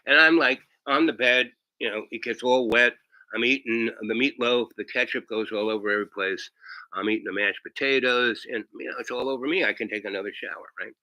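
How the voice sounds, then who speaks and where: A man's voice: mid-range voice, brisk, bright, forceful tone, dry recording, rough recording. A man telling a rambling comic anecdote, often tagging his lines with "right?". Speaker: storyteller.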